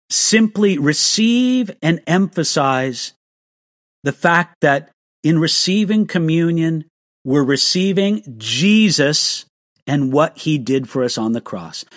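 A man's voice: a little high, dry recording, clean studio sound. A man answering viewer questions in an online live stream, earnest and restarting his sentences with small stammers.

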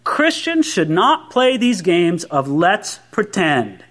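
Lively high-voiced male preacher. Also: takes it slowly. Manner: animated, conversational preaching with rhetorical questions. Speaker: pastor. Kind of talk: sermon.

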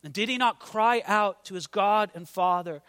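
A man's voice: high voice, moderate pace, fairly bright tone, clear, resonant tone, long reverb tail. A man preaching a sermon with passion, his voice swelling and dropping for emphasis.

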